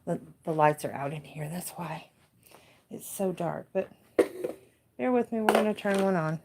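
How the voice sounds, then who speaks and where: A woman's voice: fairly low pitch, normal speed, heavy background noise. Woman, forties, American accent, chatty, easily distracted, laughs a lot, casual home livestream. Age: 40s. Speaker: crafting livestream host. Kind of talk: casual live chat. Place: dark room at home.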